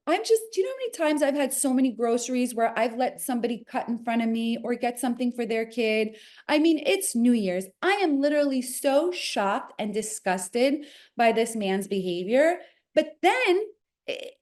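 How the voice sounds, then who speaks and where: Woman, forties, New Jersey accent, animated storyteller, slightly high voice, acts out each quote. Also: moderate pace. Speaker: interview guest.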